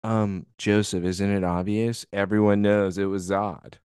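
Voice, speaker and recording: A man's voice: fairly low pitch, little pitch movement, measured pace, darkish tone, clean tone, dry recording, clean studio sound. A man co-hosting a podcast, casually chatting about a TV episode with sarcastic, teasing banter. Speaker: podcast co-host. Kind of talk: casual chat recapping a TV episode.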